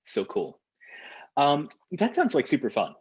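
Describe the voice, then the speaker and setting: A man leading a seminar over a video call, talking in a halting way full of fillers and restarts. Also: on the high side, huge pitch swings, slightly rough. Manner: hesitant, lots of fillers and restarts. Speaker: workshop leader.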